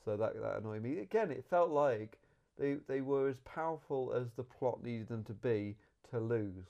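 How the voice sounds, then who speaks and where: Rambling man with a mellow voice. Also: medium pitch, moderate pace, muffled recording. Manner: rambling, animated, self-correcting. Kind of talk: casual movie review chat.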